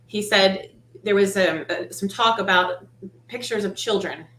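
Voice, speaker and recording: A woman's voice: mid-range voice, a little slow, fairly bright tone. Shaky, tearful woman in a roomy space. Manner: emotional, holding back tears. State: shaky, near tears. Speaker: co-host. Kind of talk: emotional panel discussion. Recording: roomy echo with faint hiss.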